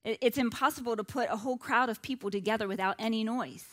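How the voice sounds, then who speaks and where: A woman's voice: on the high side, fast talker. Chatty woman teaching a Bible lesson. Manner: chatty, with many "like" and "you know" asides.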